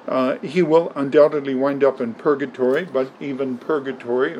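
A man's voice: medium pitch, a little mellow, a little hiss or hum, low-quality recording. A man preaching a sermon in an emphatic way, often repeating words for stress. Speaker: pastor.

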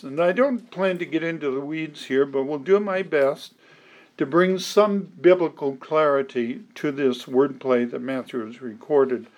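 A man preaching an expository sermon, deliberate and emphatic, quoting scripture aloud. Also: mid-range voice. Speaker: pastor.

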